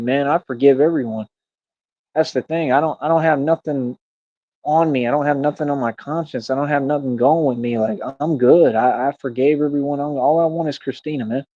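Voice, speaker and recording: Young man, rambling preachy stream talk, slightly high voice, dry dull lo-fi audio. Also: dark tone, dry recording. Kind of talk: casual livestream rant.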